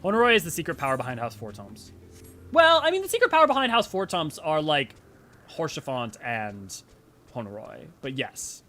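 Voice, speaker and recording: A male game streamer giving casual, jokey commentary as he plays. His voice is bright and slightly high. His pitch swings widely as he rambles and riffs on the game. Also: huge pitch swings, normal speed, faint music behind. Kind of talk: casual let's-play commentary.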